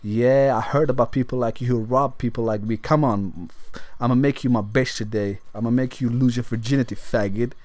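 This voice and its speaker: A man's voice: medium pitch, fairly even intonation, a little fast, darkish tone, no echo, lightly acted. A man voicing a burly, impatient forty-something man who is crude and threatening. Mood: menacing. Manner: crude, taunting.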